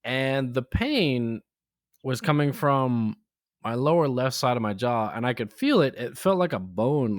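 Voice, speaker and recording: A man in his twenties chats on a casual podcast, telling a story with a sore jaw. He mimics other people with sudden high-pitched quotes. The sound is dry, with no room echo. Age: 20s. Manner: animated storytelling, acts out quotes with raised pitch. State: in jaw pain. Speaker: podcast co-host. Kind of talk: casual chat.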